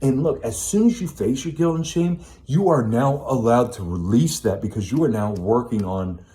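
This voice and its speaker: A man's voice: mid-range voice, animated, moderate pace, mellow. A middle-aged man speaking in a blunt, preachy self-help monologue, swearing often. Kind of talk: casual monologue.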